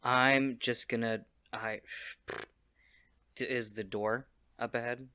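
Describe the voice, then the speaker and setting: A man playing his character in a tabletop game, eager and upbeat. His voice is very bright and sharp, in a mid pitch, and the recording is dry and close. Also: steady tone, slow, clear, resonant tone, no echo. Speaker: player.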